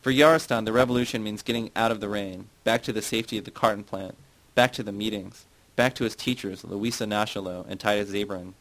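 A man's voice: fairly low pitch, steady tone, quick pace, fairly bright tone, poor audio. A man reading the part of a middle-aged woman who confesses old memories, then turns sarcastic and provoking.

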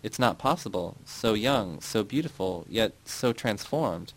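In an audiobook, a wary middle-aged woman official startles and apologizes, as a man reading aloud voices her. The voice sits fairly low. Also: lively intonation, unhurried, rough recording. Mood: flustered.

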